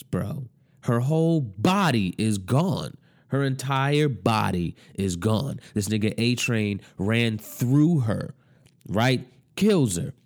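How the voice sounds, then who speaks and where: A young man casually recapping a TV show, animated and profane, full of slang. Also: mid-range voice.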